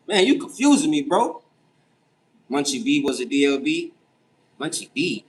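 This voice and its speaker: A young man hosting a casual late-night livestream, reading chat and answering with animated, incredulous, profane reactions. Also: medium pitch, a little slow, a little hiss or hum, rough recording. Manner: animated, incredulous, swears freely. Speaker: livestream host.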